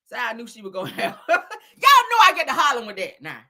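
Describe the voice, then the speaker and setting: A woman hosting a casual live commentary stream, loud and laughing, swearing and throwing in dramatic exclamations. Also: on the high side, huge pitch swings, fast. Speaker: commentary livestream host.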